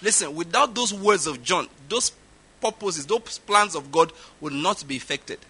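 A middle-aged Nigerian-accented man preaching with a raised, ringing voice. His tone is sharp and bright, and he drives his points home by repeating them. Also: on the high side, lively intonation, unhurried, slightly rough. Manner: emphatic, repeats points for stress. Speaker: pastor. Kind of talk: sermon.

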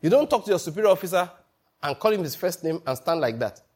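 A man's voice: high voice, animated, quick pace, darkish tone, husky. A man preaching a sermon, acting out quoted people and breaking into laughter between points. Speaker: pastor.

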